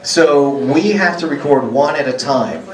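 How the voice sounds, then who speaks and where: A man's voice: fairly high pitch, measured pace. A male voice actor in a joking, irreverent mood, answering fan questions at a convention panel. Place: large convention hall. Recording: echoey hall, far from the mic.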